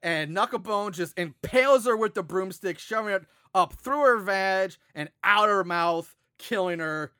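A man co-hosting a casual horror movie podcast, retelling the plot in an animated, profane way. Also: sits high, a little slow, few pauses, smooth, dry recording, clean studio sound. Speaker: podcast co-host. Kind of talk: casual movie recap chat.

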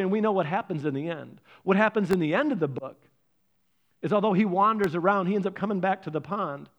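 Pastor, male, high-pitched, preaching with lively humor. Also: muffled recording. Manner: lively storytelling, playful asides to the congregation. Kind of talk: sermon.

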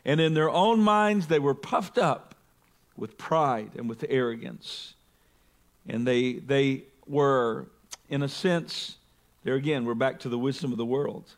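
A male pastor teaching through a Bible passage, reading scripture aloud with rising emphasis and slowing on key words. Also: mid-range voice. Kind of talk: expository sermon.

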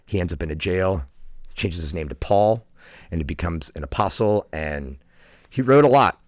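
In a casual podcast conversation, a man in his forties recounts a personal story in an earnest, reflective way, often restarting and using "like." His low-pitched voice is expressive and moves at a normal speed. The recording is studio quality with no echo.

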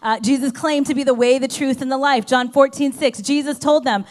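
A woman pastor preaching a sermon to her church, emphatic, swinging between loud urgency and soft hushed passages. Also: high-pitched, steady tone, fairly quick.

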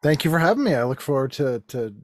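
Playful man guest with lively pitch. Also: quick pace, no echo. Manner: joking, playful. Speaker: podcast guest. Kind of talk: casual chat.

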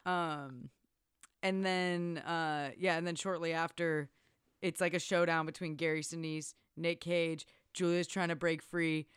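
A woman with a lowish, clean, smooth voice recaps a movie scene by scene in casual chat. She swears freely and slips into the characters' lines as she goes. The sound is dry and close, with no room around it. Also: flat delivery, measured pace, dry recording.

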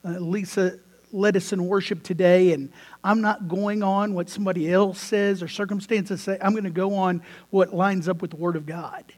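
A male pastor preaching a sermon to his church, telling stories with lively restarts and laughter. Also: sits high. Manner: animated storytelling with laughs and repeated restarts.

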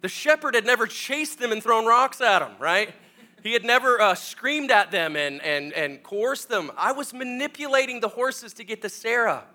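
A middle-aged male pastor tells a long comic story from the pulpit, acting out every scene and poking fun at himself. His voice sits high for a man and has a bright, forceful edge. He swings between hushed asides and loud, excited bursts. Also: normal speed. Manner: animated, self-mocking storyteller acting out scenes.

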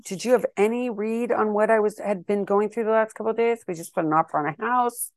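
A woman in her fifties telling a story to her viewers in a chatty, animated way, with exasperated asides. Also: mid-range voice, brisk, few pauses, dry recording. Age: 50s. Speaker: vlogger and wellness coach.

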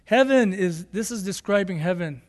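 A man preaching a sermon as pastor, emphatic and repetitive, rising to excited bursts. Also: sits high, normal speed, long reverb tail.

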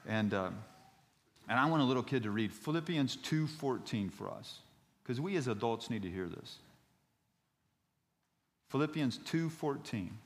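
A man in his fifties, a pastor preaching a sermon in a church, telling stories and rising to loud outbursts when he reads scripture. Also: medium pitch, unhurried, long pauses, long reverb tail. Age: 50s. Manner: animated storytelling preacher, voice rising to shouts on scripture.

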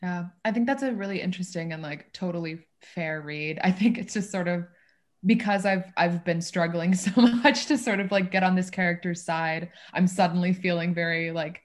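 A woman in a casual discussion of a play, rambling and animated, with many restarts and fillers. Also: lowish voice, normal speed. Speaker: discussion participant.

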